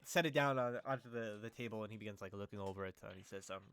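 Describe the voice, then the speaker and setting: A man's voice: on the low side, rapid-fire, few pauses, a bit bright, clear, resonant tone. A man running a tabletop game as game master, narrating loosely with many fillers and hesitations.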